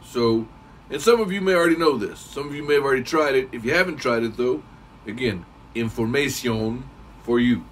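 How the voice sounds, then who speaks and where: A man giving a casual, rambling how-to talk as a cigar reviewer, clearing his throat now and then. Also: medium pitch, a little fast, distant mic, a little hiss or hum, low-quality recording.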